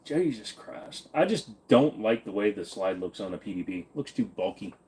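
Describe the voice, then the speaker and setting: A man's voice: sits low, expressive, a little fast, a little mellow. A young man from Virginia hosting a casual livestream, reading viewer comments and answering them bluntly and off the cuff, swearing now and then. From Virginia, USA. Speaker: livestream host.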